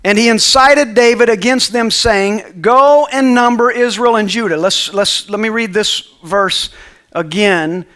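A man's voice: high voice, unhurried, few pauses, fairly bright tone. A male pastor preaching a sermon to a congregation, reading scripture aloud and calling for responses. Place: church sanctuary with congregation.

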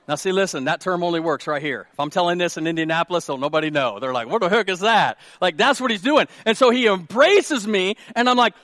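A man, preaching a sermon with animated storytelling and questions to the congregation. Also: sits high, quick pace, few pauses, no echo, studio quality. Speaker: pastor.

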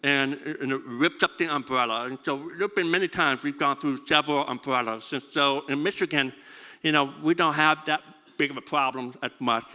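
With a voice on the high side and a sharp tone, a pastor delivers a sermon heard through a long reverb tail. He trips over repeated words and asks his congregation questions.

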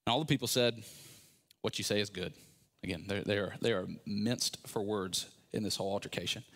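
A pastor with a lowish voice preaches a sermon at a slightly fast pace. He retells a scripture story with animated sarcasm, acting out the characters' lines.

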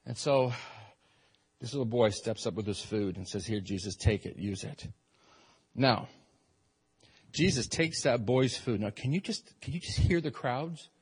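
A man preaching a sermon as pastor, animated and rising into emphatic bursts. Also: medium pitch, unhurried, pauses often, breathy edge.

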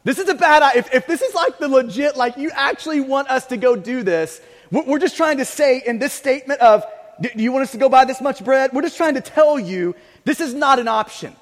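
A man's voice: extremely high pitch, animated, a little fast. A man voicing a group of worried male disciples, speaking earnestly and stumbling over repeated words. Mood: protesting. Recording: long reverb of a large hall.

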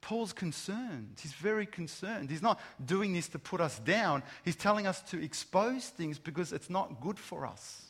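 A man delivers a sermon in a somewhat higher voice than most men. He leans on rhetorical questions and slows down to stress each word of a list. A long hall reverb trails behind every phrase. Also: animated, a bit bright, husky. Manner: emphatic, rhetorical questions, slow stressed lists of words. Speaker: pastor. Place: large room with an audience.

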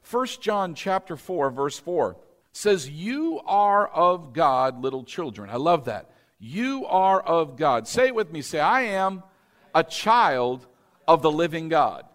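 Animated preaching man, lively pitch. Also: slow pace. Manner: preaching with call-and-response prompts; rising to emphatic, louder peaks. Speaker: pastor. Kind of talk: sermon.

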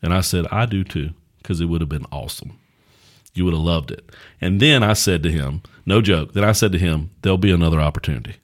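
This middle-aged pastor and podcast host has a deep, low voice and a quick delivery. He shares homespun stories in an easygoing, conversational style.

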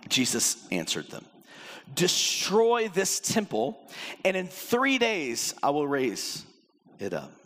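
A man's voice: medium pitch, wildly swooping pitch, a little slow, a bit bright. A man preaching a sermon as pastor, acting out the voices in the passages he quotes. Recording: long hall reverb.

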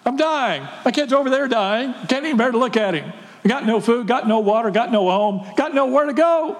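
A man's voice: very high voice, lively intonation, a little fast, big-room sound, pitched above the performer's own voice. A man voicing a desperate woman stranded in the desert, pleading and exasperated.

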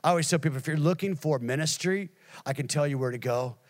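A middle-aged man preaching a sermon as pastor, swinging from hushed, near-whispered lines to loud, emphatic preaching. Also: fairly high pitch, fast talker.

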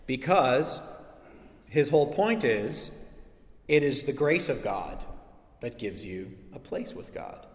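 A man preaching a sermon in a church hall, animated and joking, acting out quick asides. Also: medium pitch. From North America. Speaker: pastor. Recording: echoey hall.

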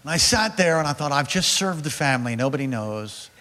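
A man's voice: fairly high pitch, brisk, long reverb tail, background noise. A man preaching a sermon, telling a personal story and speaking directly to his congregation. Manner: animated, addresses congregation directly. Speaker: pastor. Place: large hall or church.

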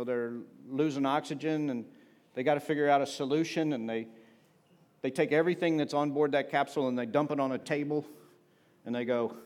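A man's voice: mid-range voice, a little mellow. A man preaching a sermon in a conversational, humorous way, often asking the congregation for an amen. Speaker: pastor.

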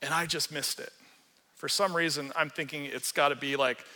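Man, pastor, lively sermon, high bright voice, long hall reverb. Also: normal speed. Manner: animated, joking, acts out quotes. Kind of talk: sermon with storytelling.

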